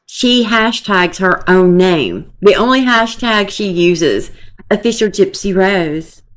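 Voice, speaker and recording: A woman's voice: medium pitch, slow pace. A woman giving casual, opinionated gossip commentary to her viewers, scornful and talking to them directly. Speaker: commentary vlogger.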